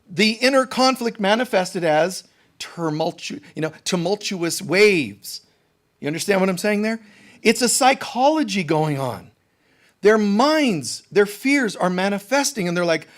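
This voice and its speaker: A middle-aged man giving a sermon as a spiritual teacher, telling stories in an animated way and acting out the quotes. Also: high-pitched, a little slow.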